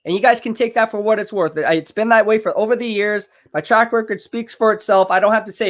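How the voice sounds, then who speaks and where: A man's voice: sits high, fast talker, few pauses. A man hosting a live watch-party stream, reading viewer comments aloud in a hyped, chatty way while a little out of breath from exercising. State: out of breath from curls.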